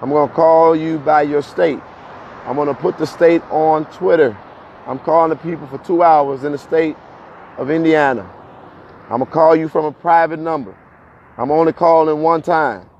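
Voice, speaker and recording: A livestream host speaks at normal speed to his viewers, his fairly high voice a little breathless as he heads uphill outdoors. Animated and prone to repeating words, he laughs between points; his phone's audio is dull and lo-fi, with faint street noise.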